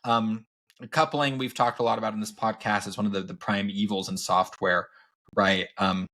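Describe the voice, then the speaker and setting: A man in his thirties co-hosts a podcast, telling stories with animation and laughing often in casual chat. His voice is fairly low, and he speaks at a moderate pace.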